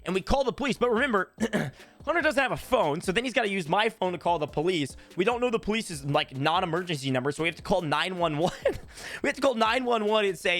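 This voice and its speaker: Bright-voiced young man telling a story. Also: high-pitched, fast talker, soft background music. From Tennessee. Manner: animated, acts out quoted voices. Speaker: YouTuber. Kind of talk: casual storytelling.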